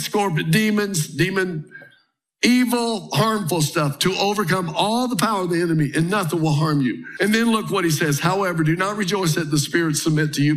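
Male preacher, high-pitched and lively, dramatizes scripture in his sermon. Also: rough recording. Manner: animated preaching, acting out quotes with pitch jumps. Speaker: pastor.

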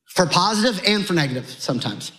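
A man preaching a sermon to a congregation, conversational and animated, his voice jumping higher as he gets excited. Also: quick pace, low-quality recording. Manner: animated, conversational preaching with sudden rises in pitch. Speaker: pastor.

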